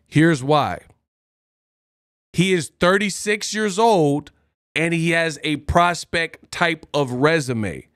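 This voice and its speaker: A man's voice: a little high, lively intonation, slow pace, fairly bright tone, dry recording, studio quality. A man hosting a boxing live stream, joking and laughing often as he does impressions. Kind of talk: casual live-stream commentary.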